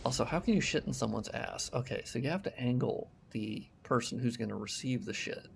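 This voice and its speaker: A man streaming a hard video game live, talking to himself and his chat, excitable and swearing constantly. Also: mid-range voice, brisk, gravelly, a little hiss or hum. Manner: excitable, swears a lot, talks to himself while playing. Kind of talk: live gameplay commentary. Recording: loud game music behind voice.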